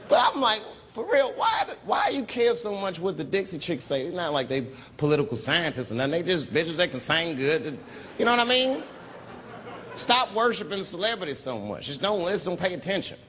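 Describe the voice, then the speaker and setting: A man telling a profane, animated stand-up story and acting out the people in it. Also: on the high side, moderate pace, creaky, big-room sound, slight background noise. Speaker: stand-up comedian.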